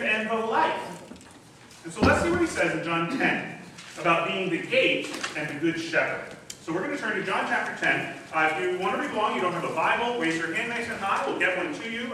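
A man's voice: high-pitched, noisy background. A man preaching a sermon as pastor in a church, teaching in a conversational way with some fillers. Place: church sanctuary. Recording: echoey hall, distant mic.

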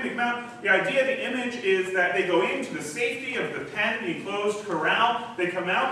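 A man delivers a sermon from the front of a church, explaining scripture in an easy, conversational teaching manner. His voice sits high and bright. The sound carries a heavy echo from the hall, picked up from some distance. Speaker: pastor. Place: church sanctuary. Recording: echoey hall, distant mic.

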